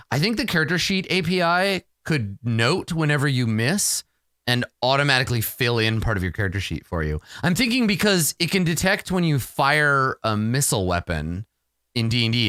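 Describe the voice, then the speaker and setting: A man's voice: mid-range voice, sing-song, fairly quick, a bit bright, no room sound, studio quality. A man thinking aloud as he plays a solo tabletop roleplaying game, rambling and swearing freely as the dice go against him.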